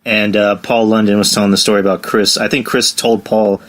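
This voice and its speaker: A man's voice: lowish voice, little pitch movement, a little fast, fairly bright tone. A man hosting a casual podcast, telling stories and acting out the voices of the people in them. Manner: storytelling, acts out quoted lines. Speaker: podcast host.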